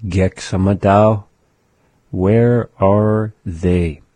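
A deep, mellow male voice that moves at a very slow, deliberate pace. He teaches a language lesson and says each word twice with patient repetition. The sound is dry and close, with a husky edge. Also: steady tone, no echo.

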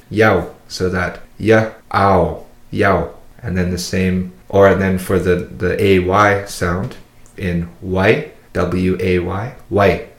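A man teaching pronunciation of his language's alphabet, modelling each sound slowly and patiently for a learner to repeat. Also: low voice. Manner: slow, careful, demonstrates sounds for repetition. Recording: echoey room.

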